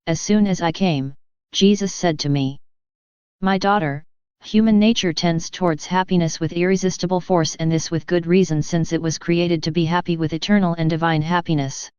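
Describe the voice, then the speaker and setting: Woman, devotional reading, very smooth resonant voice, dry close sound, slightly dull lo-fi recording. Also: fairly low pitch, darkish tone, dry recording. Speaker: reader.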